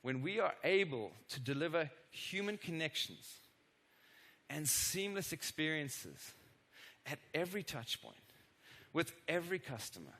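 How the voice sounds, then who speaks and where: A middle-aged man giving a live product demo keynote on a conference stage, energetic and constantly checking in with the audience through quick tag questions and self-deprecating asides. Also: a little high. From not from the United States. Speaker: conference presenter.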